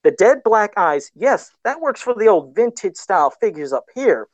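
A man's voice: high voice, sing-song, normal speed, no room sound. A man co-hosting a casual live stream about toys, talking in a rambling, chatty way full of fillers. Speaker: co-host of a toy-collecting live show.

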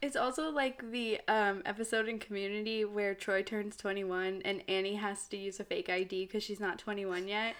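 Brief: woman podcast co-host, giggly animated storyteller, bright tone. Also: medium pitch, normal speed, few pauses. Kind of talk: casual chat.

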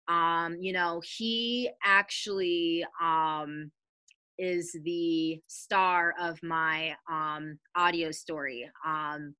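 A young woman from hosting a podcast in a casual, chatty way, her voice raspy from allergies and full of fillers. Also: on the low side, sharp tone, no echo. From Ohio, USA. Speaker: podcast host. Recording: dry with faint background music.

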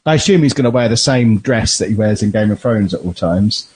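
A man's voice: on the low side, animated, fairly quick, darkish tone, breathy edge. A man hosting a casual podcast chat, teasing his co-hosts in a dry way. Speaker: podcast host.

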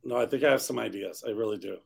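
A man's voice: on the low side, very fast, gravelly, a little mellow, husky. A middle-aged man co-hosting a podcast, laid-back and teasing in casual chat. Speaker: podcast co-host.

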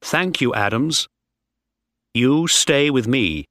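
A man's voice: medium pitch, expressive, slow pace, a bit bright, dry recording, clean studio sound, voice pushed up. A man voicing a desperate ship officer who turns into a determined mutineer. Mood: commanding. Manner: tense, determined.

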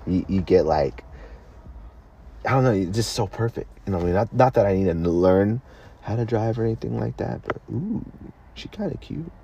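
A man's voice: lowish voice, brisk, creaky, warm tone, highs cut off, a little hiss or hum. A man hosting a podcast, rambling in a loose, profane, casual way. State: high. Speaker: podcast host.

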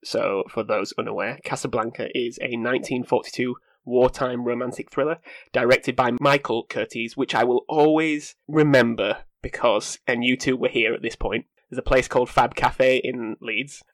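A man's voice: mid-range voice, a bit bright, dry recording. A man hosting a casual film podcast, joking wryly and laughing through his lines. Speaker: podcast host presenting news segment.

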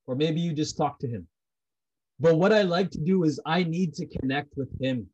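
A man's voice: fairly high pitch, moderate pace, darkish tone, husky, dull audio. A man talking about prayer in a heartfelt, personal way. He is intense and blunt, repeats himself, and swears freely.

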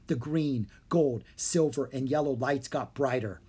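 A narrator reading a children's fantasy book aloud with steady storytelling. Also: medium pitch, measured pace, slightly rough. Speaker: audiobook narrator.

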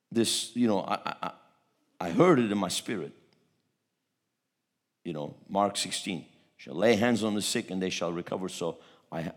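A man preaching a testimony sermon, telling a story with repeated words and a voice that swells at its peaks. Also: lowish voice.

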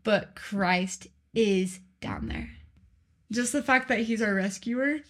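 A young woman co-hosting a faith podcast, sharing her own low times in a heartfelt, personal way. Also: slow. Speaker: podcast co-host. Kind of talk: casual faith chat.

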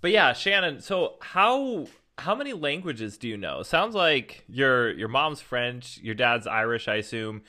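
A man hosts a podcast in a bright, clear voice. He asks questions casually and answers his guest with quick, encouraging reactions. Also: mid-range voice, big pitch swings. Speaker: podcast host. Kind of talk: casual interviewing.

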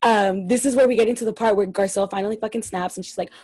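A woman's voice: mid-range voice, steady tone, rapid-fire, a little mellow, dry recording, poor audio. A young woman co-hosting a podcast, chatting casually and ranting with lots of swearing about a reality show. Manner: profane, exasperated, ranting. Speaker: podcast co-host.

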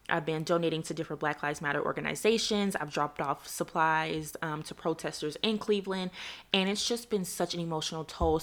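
A woman's voice: on the low side, fairly bright tone. A young adult woman from the United States hosting a heartfelt faith podcast, speaking earnestly and close to tears, calling her listeners y'all. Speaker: podcast host.

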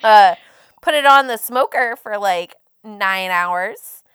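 A woman's voice: medium pitch, takes it slowly, fairly bright tone, clean tone, no room sound, studio quality. A young woman co-hosting a casual chat, telling a story and laughing often as she talks.

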